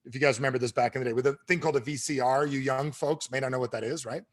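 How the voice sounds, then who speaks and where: A middle-aged man giving a motivational sales talk to an audience, telling stories quickly and with animation. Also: mid-range voice. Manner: fast-talking, animated storyteller. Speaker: sales trainer and speaker.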